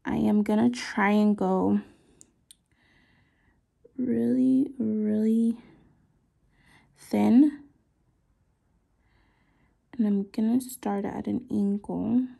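A young woman talking softly through her nail art work, often trailing into whispers as she concentrates. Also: medium pitch, fairly even intonation, gravelly, slightly rough. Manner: slow, soft-spoken, often trailing into whispers while concentrating. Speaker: nail artist vlogger. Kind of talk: casual work-along narration.

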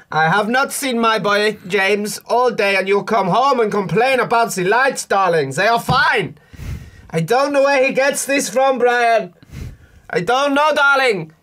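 A man's voice: high voice, measured pace, a bit bright, pitched above the performer's own voice. A man voicing a posh, tipsy, stressed mother in a comic role-play, pleading theatrically and calling everyone darling. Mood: fretful.

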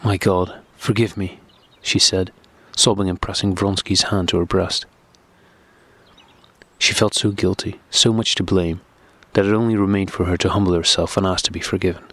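A man narrating a classic novel audiobook in a steady, measured reading. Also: low voice, no room sound.

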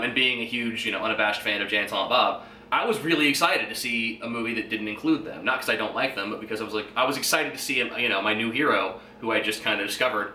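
Bright-voiced man in an echoey room. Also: medium pitch. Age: 20s. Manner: rambling and profane, with fillers and chuckles. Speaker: podcast host. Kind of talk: casual solo monologue. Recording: echoey room, faint background noise.

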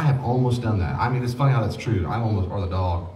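Fast-talking man teaching in an echoey room. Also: on the low side, recorded from a distance, slight background noise. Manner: animated, acts out dialogues with children. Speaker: pastor teaching a grief study. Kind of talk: informal teaching talk.

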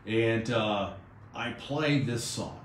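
A male radio host spins a story in a lively way, slipping into the voices of the people he quotes. His voice sits in a roomy studio. A faint hiss runs under it. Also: on the low side, slow pace.

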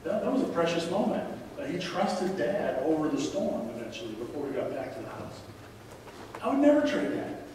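A man in his forties delivers a conversational sermon, pleading and repeating his main points. His voice sits a little high. He is picked up from a distance in a big echoing sanctuary with a faint hiss underneath. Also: very animated, a little fast, a little mellow. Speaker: guest preacher. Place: large church sanctuary. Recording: echoey hall from far off, faint noise.

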